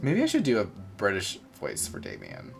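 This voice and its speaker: Goofy male streamer with a lively voice. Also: fairly low pitch, moderate pace, gravelly. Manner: goofy, joking asides. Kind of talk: live game playthrough, reading aloud. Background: game music.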